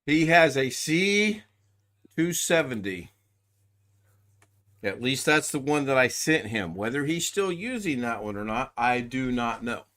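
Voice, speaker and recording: A man's voice: mid-range voice, big pitch swings, a little slow, fairly bright tone. A man hosting a casual livestream chat, folksy and joking, using homey phrases. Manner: folksy, joking, says "doggone". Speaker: livestream host. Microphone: desk USB microphone.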